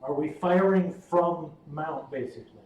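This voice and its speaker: A man's voice: fairly high pitch, unhurried, a little mellow, far from the mic. A man playing a tabletop game, asking many questions, stammering and laughing. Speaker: player. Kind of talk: casual tabletop game chat. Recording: echoey, off-mic, faint hum.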